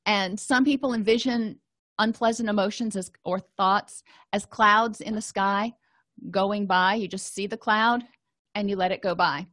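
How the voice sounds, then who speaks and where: Woman counselor, mid-pitched, chatty teaching tone, dry close recording; lecture voice-over. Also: fairly even intonation, unhurried, fairly bright tone, no echo. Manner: conversational, explains with everyday examples and quoted self-talk. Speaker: counselor and trainer. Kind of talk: educational lecture on therapy.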